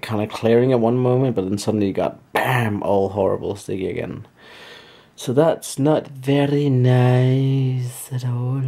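A tired man talking casually in a daily vlog, relaxed and rambling. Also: fairly low pitch. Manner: relaxed, rambling, soft-spoken. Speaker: daily vlogger.

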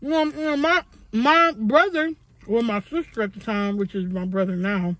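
A young woman with a high voice tells a story to her camera between bites. Her delivery is animated, she slips into the voices of the people she describes, and she swears freely. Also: normal speed. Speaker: vlogger. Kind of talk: storytime while eating on camera.

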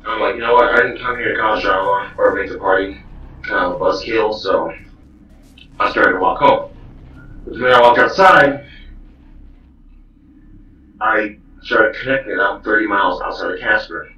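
A man's voice: lowish voice, normal speed, long pauses. A man telling a rambling, profane comedic story. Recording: dull, roomy, distant, faint hiss.

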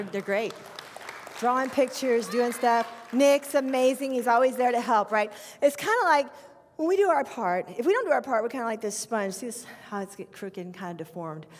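Woman, fifties, children's pastor, lively storytelling sermon, church hall echo. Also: mid-range voice. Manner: animated storytelling with acted prayers. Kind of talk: sermon testimony. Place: church sanctuary. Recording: long reverb of a church hall.

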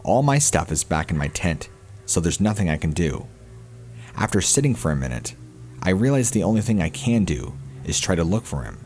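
A man narrating a first-person horror story in a steady storytelling manner. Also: low voice, moderate pace, faint music behind.

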